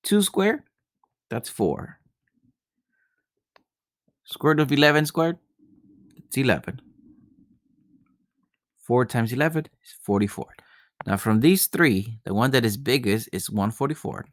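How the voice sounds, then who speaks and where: A man's voice: medium pitch, lively intonation, measured pace, pauses often, no echo. A male math teacher working through geometry problems step by step, often repeating himself and checking in with "right?". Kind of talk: recorded math lesson.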